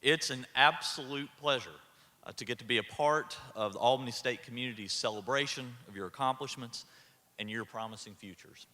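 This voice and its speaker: Male keynote speaker, folksy humor, bright tone, echoey hall, podium mic. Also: mid-range voice, brisk. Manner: folksy storytelling with dry humor. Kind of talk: humorous commencement speech. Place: large ceremony hall.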